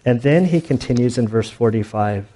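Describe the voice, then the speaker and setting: A male pastor delivering a sermon in a relaxed, conversational way. He tells anecdotes casually and acts out the people in his stories, with a voice of middling pitch. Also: normal speed. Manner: casual storytelling, animated retellings.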